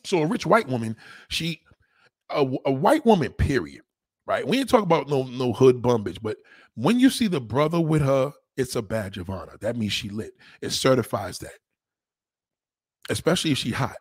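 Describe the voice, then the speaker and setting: Husky blunt man ranting. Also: mid-range voice, sing-song, dry recording, clean studio sound. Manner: blunt, crude, rambling, talks fast. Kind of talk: casual profane monologue.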